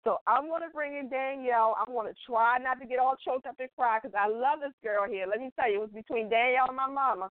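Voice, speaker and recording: Middle-aged woman hosting her show, chatty and emotional, kinda rambly, slightly high voice, tinny phone sound. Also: fast, hardly any pauses, no room sound. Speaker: show host and salon owner. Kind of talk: casual live interview show. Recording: tinny phone-line call audio.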